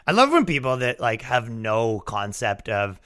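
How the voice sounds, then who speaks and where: A man's voice: mid-range voice, big pitch swings, a little slow, a bit bright, clear, resonant tone. A man hosting a podcast, ranting in casual chat with profane jokes and laughing asides. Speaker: podcast host.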